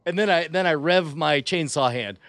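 A man's voice: fairly high pitch, moderate pace, a bit bright, no echo. A man playing a comedic tabletop game, rambling and hesitant, slipping into playful in-character bits. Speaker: player. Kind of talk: comedic tabletop role-play.

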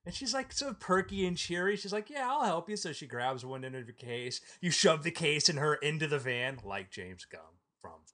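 A man's voice: on the high side, sing-song, normal speed, few pauses, pushed and bright. A man hosting a comedy podcast, telling absurd made-up stories with lots of laughing. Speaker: podcast host. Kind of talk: joking improvised banter.

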